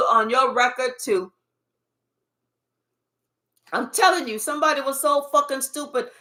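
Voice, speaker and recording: A woman's voice: high voice, a bit bright. A woman spiritual card reader giving a livestream reading to viewers, talking emphatically with lots of swearing and teasing.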